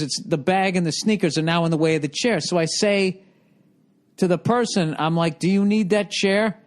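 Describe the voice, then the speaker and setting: A middle-aged man hosting a podcast, telling a rambling, swear-filled comic story with sarcastic exasperation. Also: high voice. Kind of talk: casual comedic monologue.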